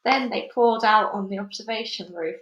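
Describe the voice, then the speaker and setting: A woman reading a children's book aloud chapter by chapter, steady with small slips and restarts. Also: mid-range voice, normal speed, gravelly, dull audio, noisy background. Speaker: storybook reader. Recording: echoey room.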